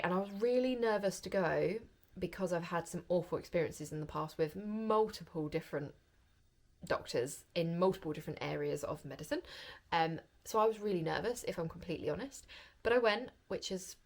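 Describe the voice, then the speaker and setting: A woman's voice: fairly low pitch, brisk, darkish tone. A young woman talking to camera in a chatty vlog, open and emotional, gushing as she shares a personal story. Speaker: vlogger.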